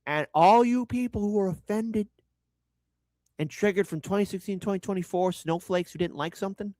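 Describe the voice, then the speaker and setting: A man hosting a political commentary show, ranting in a mocking, crude and sarcastic way with shouted jabs. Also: high voice, moderate pace, no echo, clean studio sound. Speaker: show host.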